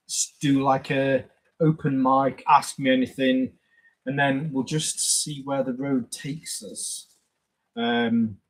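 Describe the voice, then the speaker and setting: A man with a husky, slightly breathy voice chats loosely on a live stream. He rambles from point to point and greets viewers by name as they arrive. His pitch sits in an ordinary middle range for a man. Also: poor audio. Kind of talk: casual live stream chat.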